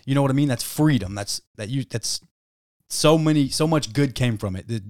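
A man co-hosting a casual podcast chat, ranting heatedly and cursing freely. His voice sits at an ordinary middle pitch for a man. The sound is dry, with almost no room echo. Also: a little fast, a little mellow. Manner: heated, swears a lot, ranting. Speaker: podcast co-host.

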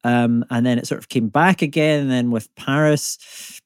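A man's voice: mid-range voice, fairly even intonation, moderate pace, clean tone, no room sound, clean studio sound. A man in his thirties with a Scottish accent, a climate economist and comedian, chatting casually and self-deprecatingly as a podcast guest. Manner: chatty, self-deprecating, many fillers and restarts.

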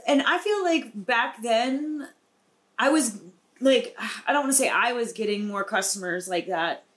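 A young woman with a slightly high voice chats casually on a podcast. She reminisces in a relaxed, reflective way, trading stories with her co-hosts. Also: a little slow. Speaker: podcast co-host. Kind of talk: casual chat.

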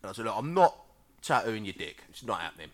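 A man's voice: lowish voice, sing-song, fast. A man, a tattoo artist telling stories in casual podcast chat. He swears freely and laughs between phrases.

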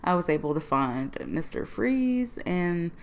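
A woman telling a personal story to camera in a casual, animated way, laughing often and acting out her own remarks. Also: on the low side, measured pace. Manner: animated, laughing often, quoting herself in lively asides. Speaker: refuge history project researcher.

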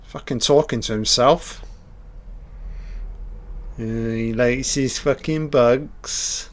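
A man's voice: mid-range voice, slow pace, long pauses. A man giving a casual, profane, enthusiastic audio commentary over a film.

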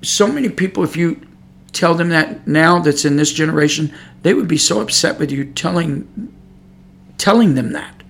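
Brief: male podcast preacher, fairly high gravelly voice, earnest and emphatic, repeats for stress. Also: normal speed, fairly bright tone. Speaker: podcast Bible teacher. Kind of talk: preaching Bible study. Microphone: podcast microphone.

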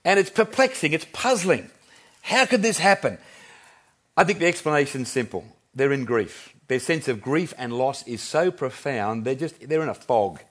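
This Australian pastor, a man in his fifties, preaches in an easygoing, story-driven manner, laughing softly and starting his sentences over. His voice is mid-range and husky, and his pace is moderate.

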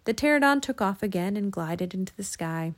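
A woman narrating a children's storybook in an expressive, lilting way. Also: medium pitch, a little fast. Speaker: audiobook narrator.

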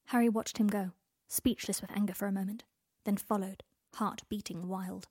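A woman's voice: medium pitch, normal speed, slightly rough, no room sound. Woman reading a story, dry close sound. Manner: expressive narrative reading. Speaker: audiobook reader. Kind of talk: storybook narration.

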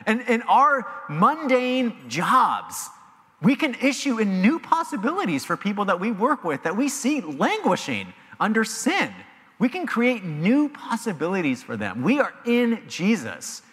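A man delivers a sermon from the pulpit in an animated, emphatic way. His voice sits a little high and bright, rising and falling widely. The church sanctuary leaves a long reverb trailing behind him. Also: unhurried. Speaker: pastor. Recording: long reverb of a large hall.

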